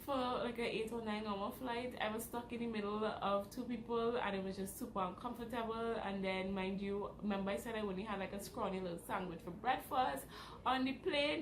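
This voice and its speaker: A young woman retells a bad day in a lively, dramatic way for her vlog. Her voice sits a little high. The room sounds echoey, and a faint background noise runs under her. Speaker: vlogger. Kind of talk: casual storytelling vlog.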